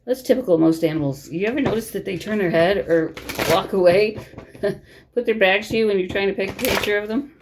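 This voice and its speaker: A woman's voice: medium pitch, fairly quick, noisy background. Woman giving a chatty tarot reading. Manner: chatty, reassuring, checks in with listeners with "okay?". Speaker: tarot reader. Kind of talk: casual tarot reading to camera. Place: bedroom at home.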